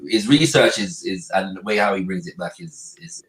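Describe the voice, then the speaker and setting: A man's voice: low voice, animated, normal speed, fairly bright tone, low-quality recording. A man in casual podcast chat, often stumbling and repeating words as he talks. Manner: hesitant, repeats words, slang-heavy. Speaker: podcast host.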